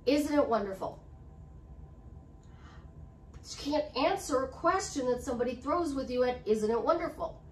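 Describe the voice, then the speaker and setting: A woman life coach giving a motivational talk, repeating affirmations with emphasis. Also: sits high. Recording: roomy, slightly distant mic with faint hiss.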